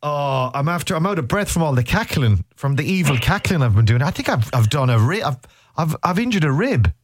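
A man's voice: a little high, very animated, a little fast, dry recording. An Irish man hosting a radio show, chatting casually with jokey, rambling asides. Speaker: radio host. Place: radio studio. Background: music.

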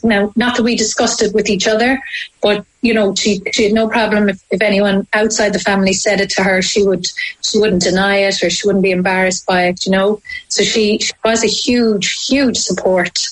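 A woman with an Irish accent, telling a deeply personal story as an interview guest, halting and emotional with frequent restarts. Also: fairly even intonation, low-quality recording. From Ireland.

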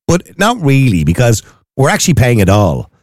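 A man's voice: medium pitch, wildly swooping pitch, normal speed, no echo, clean studio sound. An Irish man co-hosting a casual chat, asking questions and chatting wryly. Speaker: podcast co-host.

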